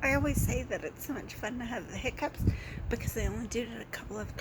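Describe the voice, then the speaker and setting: A woman vlogging casually at home, hiccuping and giggling, hushing herself so she won't wake others. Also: fairly high pitch, moderate pace, heavy background noise. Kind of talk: casual self-filmed vlog. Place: indoors at home while others sleep.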